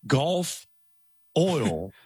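A man co-hosts a casual chat, teasing the guest with questions and laughing through his remarks. His husky voice rises and falls in a lively way, and it sounds dry and close. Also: on the high side, drawn-out words, no echo. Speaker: co-host.

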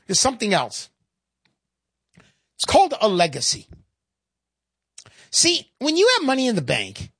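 A woman giving a chatty, sarcastic sales pitch with plenty of emphasis. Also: husky, dry recording, studio quality. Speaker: sales spokesperson.

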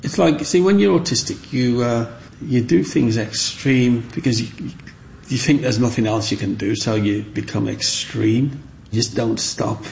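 A man tells stories from his boyhood. His voice is gravelly and creaky at a middling pitch, and he bursts into the excited voices of children when he quotes them. A faint noise runs underneath the recording. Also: a little slow. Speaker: interviewee. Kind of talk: reminiscing storytelling.

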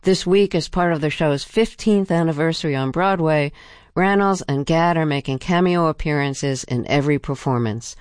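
A woman hosting a radio interview, asking direct questions and reading measured, scripted introductions. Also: sits low, a little mellow, smooth, no echo, studio quality.

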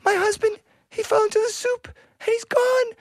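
A man voicing a dramatic young female butterfly in a storybook tale, with a high, wailing delivery. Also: flat delivery, normal speed, no room sound.

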